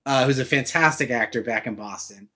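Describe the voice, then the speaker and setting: A man from Massachusetts, an actor, telling animated stories in a casual podcast chat and laughing often. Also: mid-range voice, fairly quick.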